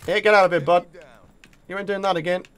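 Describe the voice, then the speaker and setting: A man with a British accent commentating live on his own gameplay, excitable and taunting his opponents. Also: high-pitched, fast, smooth. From Britain. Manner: excitable, talks to opponents and viewers. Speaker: gaming video creator.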